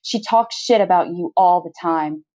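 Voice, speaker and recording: A woman's voice: on the low side, unhurried, mellow, lightly acted. A woman reading as an urgent, pleading office man. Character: male office worker, pleading then lovesick. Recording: slightly dull lo-fi sound.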